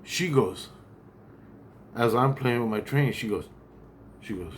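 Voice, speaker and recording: A man's voice: fairly low pitch, animated, measured pace, pauses often, slight background noise. A man telling a long account of a dream in a rambling, profane way, with many restarts and asides. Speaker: vlogger.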